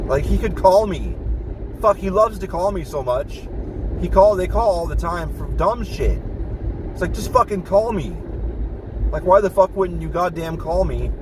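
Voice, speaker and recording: A man's voice: fairly high pitch, lively intonation, normal speed, distant mic, noisy background. A man venting in a casual monologue, swearing often and getting exasperated. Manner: profane, exasperated ranting.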